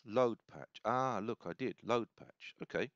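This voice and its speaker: A man casually demonstrating software, rambling and correcting himself as he thinks aloud. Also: mid-range voice, measured pace, dry recording. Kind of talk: casual screen-recorded demo. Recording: dull, slightly lo-fi sound.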